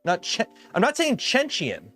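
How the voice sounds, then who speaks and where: A man's voice: high voice, wildly swooping pitch, measured pace, a bit bright, soft background music. Rambling man with a slight lisp. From Canada. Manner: rambling, lots of "um" and restarts. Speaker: livestream host. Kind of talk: casual livestream chat.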